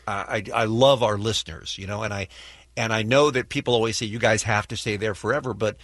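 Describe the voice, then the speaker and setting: A middle-aged American man co-hosting a morning radio show, speaking earnestly and heartfelt with halting restarts. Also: lowish voice, steady tone, a bit bright, dry recording.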